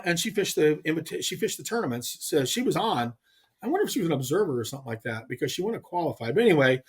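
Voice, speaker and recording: A man as a guest telling a long, animated story in casual chat, emphatic and rambling. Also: fairly high pitch, slightly rough. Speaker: guest angler.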